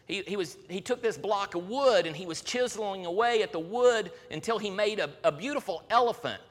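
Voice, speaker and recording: A man preaching a sermon as a pastor, earnest, moving between raised emphasis and hushed, solemn passages. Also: high voice, animated, fairly quick. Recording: long reverb of a large hall.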